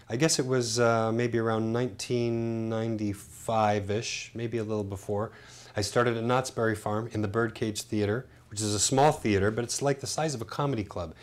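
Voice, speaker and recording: A middle-aged man as an interview guest, talking in a relaxed, reflective way with hesitant fillers. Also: medium pitch. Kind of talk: casual interview chat.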